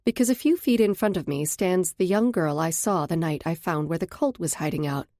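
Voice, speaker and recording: Female audiobook narrator, lowish voice, measured introspective first-person delivery. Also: mellow, no room sound, clean studio sound.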